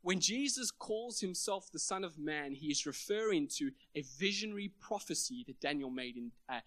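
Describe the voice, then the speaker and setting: Guy preaching a sermon, high voice, dry close sound, really emphatic. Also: lively intonation, moderate pace, fairly bright tone, no echo. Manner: emphatic, building up to climaxes. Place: church meeting with slides.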